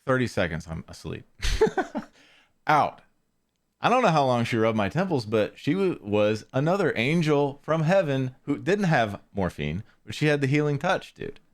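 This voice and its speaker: A man hosting a podcast, telling a casual story in a rambling way, often correcting himself and trailing off quietly. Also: mid-range voice, sing-song, moderate pace. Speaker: podcast host.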